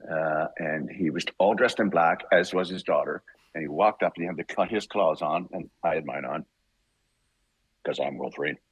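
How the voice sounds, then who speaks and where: Husky deep-voiced older man telling a story. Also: dry recording, rough recording. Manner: emotional, halting storytelling. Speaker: voice actor guest. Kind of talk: storytelling in a podcast interview.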